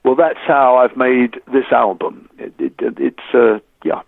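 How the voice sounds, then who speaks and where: A man from England, a musician guest in an interview, telling animated anecdotes, stammering on restarts and acting out the voices of people he quotes. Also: medium pitch, a little slow, creaky, no echo. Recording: dry, phone-like line.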